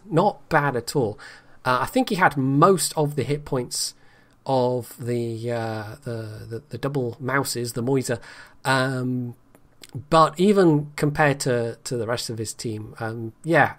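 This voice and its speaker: A man's voice: mid-range voice, fairly bright tone. A man giving casual, rambling commentary on a game replay, full of fillers and dry asides.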